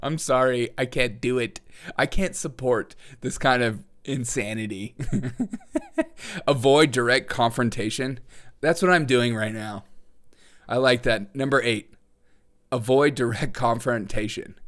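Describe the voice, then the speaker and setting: A man's voice: mid-range voice, a little slow, fairly bright tone. A man hosting his own show, giving sarcastic political commentary, laughing often and mocking his opponents. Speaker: host.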